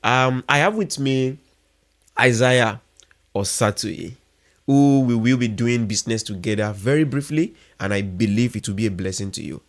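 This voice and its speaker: A man's voice: medium pitch, moderate pace. A man hosting a faith podcast, asking earnest, emphatic questions of his guest. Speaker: podcast host.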